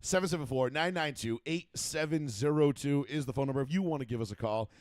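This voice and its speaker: A man hosting a casual sports talk show, rambling and profane, with fast banter. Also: mid-range voice, no echo. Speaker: host.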